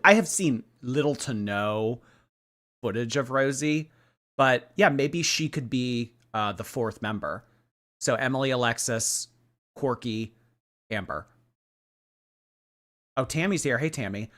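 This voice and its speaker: A man's voice: mid-range voice, very animated, measured pace, pauses often, pushed and bright. A man hosting a live stream, reacting to a clip with mocking, chatty commentary and reading out viewer messages.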